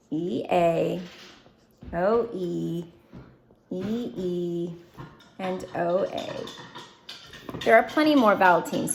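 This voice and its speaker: Woman teacher walking thru phonics rules, patient, a bit of vocal fry, faint hiss behind her. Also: mid-range voice. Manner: patient, explaining step by step. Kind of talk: phonics lesson at a whiteboard.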